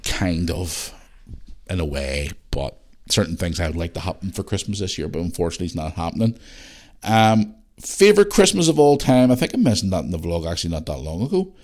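A man from Northern Ireland with a Belfast accent hosts a casual solo podcast, rambling with many restarts and the odd swear. His voice sits low with a darkish tone, and he's very animated and fairly quick.

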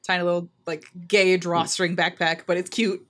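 A woman's voice: lowish voice, level tone, moderate pace, fairly bright tone. A young woman in casual chat on a podcast, giggly and chatty with lots of fillers. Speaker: podcast co-host.

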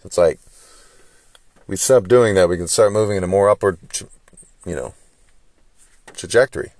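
A man's voice: lowish voice, normal speed, pauses often, no room sound, clean studio sound. A man hosting a solo podcast, talking through his frustration in a lecturing stream of rhetorical questions. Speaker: podcast host. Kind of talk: solo opinion monologue.

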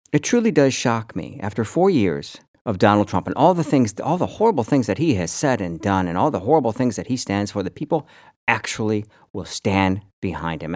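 A man co-hosting a podcast in casual chat, animated and rambling, swearing freely and restarting his sentences. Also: fairly low pitch, no room sound, clean studio sound. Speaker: podcast co-host.

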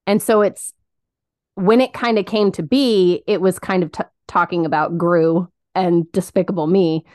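A woman's voice: fairly low pitch, steady tone, moderate pace, darkish tone, dry recording, studio quality. Giggly woman co-hosting a podcast. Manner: giggly, laughs often while telling stories. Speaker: podcast co-host. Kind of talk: casual faith podcast chat.

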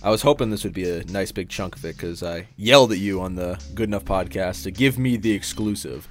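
A man's voice: sits low, a little fast. A man hosting a casual podcast, joking around and swearing with his guest. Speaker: podcast host.

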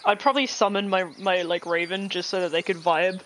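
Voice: medium pitch, fairly even intonation, a bit bright, slight background noise, low-quality recording. A player casually describing their character's actions in a tabletop game. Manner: playful, laughing, quick asides. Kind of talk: casual tabletop role-play.

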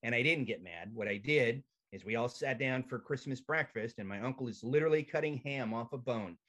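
A male comedian spins a profane family story with lively comic timing, his voice sitting at an ordinary pitch. He talks casually, as if speaking to a host over a video call. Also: brisk. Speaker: comedian guest.

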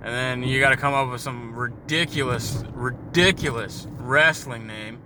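A man's voice: mid-range voice, moderate pace. A man hosting a casual car podcast, rambling and jokey with frequent swearing while he drives. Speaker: podcast host. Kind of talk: casual storytelling while driving. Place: inside a moving car. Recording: car road noise behind.

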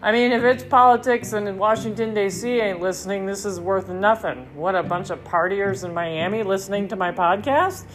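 A woman hosting her own podcast in a rambling, excitable monologue, swearing freely. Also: medium pitch, normal speed, few pauses, slight background noise. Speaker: podcast host. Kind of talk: casual monologue.

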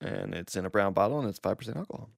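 A man's voice: fairly low pitch, racing, vocal fry, no room sound, studio quality. A man co-hosting a casual podcast, reading news items aloud and joking along the way. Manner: reads out news items with jokey asides. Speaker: podcast co-host. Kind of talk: casual chat.

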